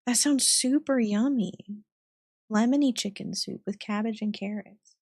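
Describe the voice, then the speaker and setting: A woman streamer chatting casually with her viewers, giggling often and reacting warmly to their messages. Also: on the high side, unhurried, slightly rough, no room sound, clean studio sound. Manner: giggly and chatty, talks to chat.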